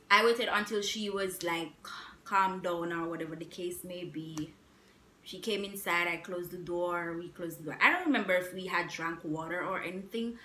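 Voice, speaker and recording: A young woman vlogger telling a story in a casual, animated way, repeating herself with emphatic asides. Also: mid-range voice, slight background noise. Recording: echoey room.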